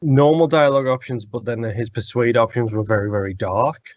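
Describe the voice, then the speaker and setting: A man's voice: mid-range voice, steady tone, no echo, muffled recording. A man co-hosting a casual games podcast, chatty and filler-heavy. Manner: chatty, quick, many fillers like "like". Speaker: podcast co-host.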